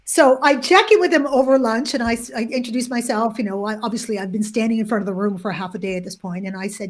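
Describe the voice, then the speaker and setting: A woman author, the interview guest, telling a long story in an animated way, with many restarts and fillers. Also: a little high, fast talker, hardly any pauses.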